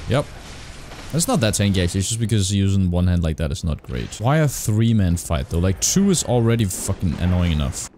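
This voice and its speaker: A young man giving casual, excitable gameplay commentary as a streamer, swearing often. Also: sits low, a little fast, slight background noise. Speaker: gaming streamer.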